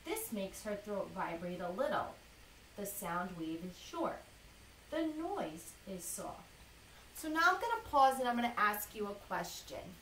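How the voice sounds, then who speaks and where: A woman teacher reading a lesson to young children, slow and clearly enunciated, encouraging them to repeat after her. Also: mid-range voice, very animated, a bit bright, distant mic, slight background noise. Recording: echoey room, a bit off-mic.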